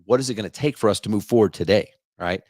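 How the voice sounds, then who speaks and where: A man hosting a podcast, delivering an energetic, repetitive sales rant in a coaching tone. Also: lowish voice, quick pace, dry recording, studio quality. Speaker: podcast host.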